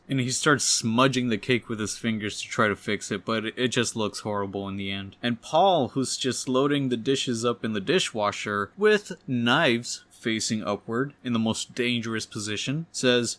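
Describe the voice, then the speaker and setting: A man's voice: normal speed, hardly any pauses, pushed and bright. Casual male comic book reviewer. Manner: casual, blunt asides, reads quotes with lifted pitch. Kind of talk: casual comic recap, reading dialogue aloud.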